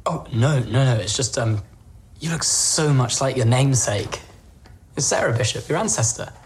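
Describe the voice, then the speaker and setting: Brief: actor as an eager, fumbling young vampire, mid-pitched and polite, faint noise in the clip. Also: male voice, moderate pace, close to an everyday voice. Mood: flustered. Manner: hesitant, polite.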